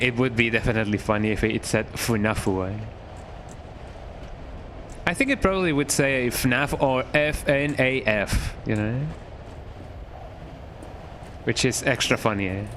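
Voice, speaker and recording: A man's voice: medium pitch, takes it slowly, pauses often, fairly bright tone, slight background noise. Rambling jokey male game streamer. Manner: rambling, jokey, tags lines with "eh". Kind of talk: casual gameplay chat.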